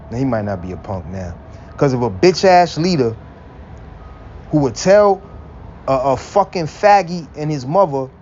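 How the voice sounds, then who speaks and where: This man's voice is medium in pitch with a darkish tone. He's a religious vlogger in a blunt, profane, preachy rant, quoting scripture and laughing between points, captured in a dull lo-fi recording with faint vehicle noise in the background.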